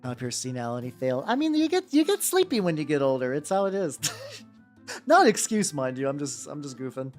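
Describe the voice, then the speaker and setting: A man's voice: a little high, sing-song, a little fast. A man chatting casually on a live stream while painting miniatures, rambling, joking and swearing as he talks to viewers. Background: faint background music.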